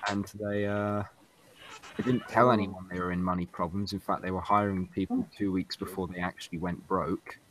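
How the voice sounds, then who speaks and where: A man's voice: low-pitched, little pitch movement, moderate pace, a bit bright, slight background noise, rough recording. A man co-hosting a casual group podcast over voice chat, rambling through an explanation with many fillers. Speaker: podcast co-host.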